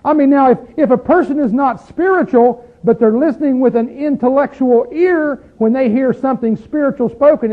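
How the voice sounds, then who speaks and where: A very high-pitched, expressive man talks fairly quickly while leading an interactive Bible study. He teaches with emphasis and keeps questioning the group, his pitch rising on points he stresses. Audio quality is tinny and phone-like.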